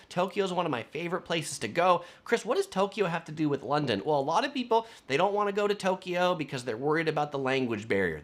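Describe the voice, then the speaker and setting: A man's voice: high voice, fairly bright tone. A man, a travel vlogger talking casually and chattily, with frequent fillers. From United States. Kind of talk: casual travel vlog talk.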